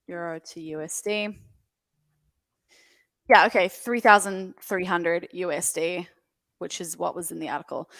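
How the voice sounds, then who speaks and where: A woman's voice: lowish voice, fairly bright tone, no room sound. An Australian woman reading a news article aloud as a podcast guest, laughing often between lines.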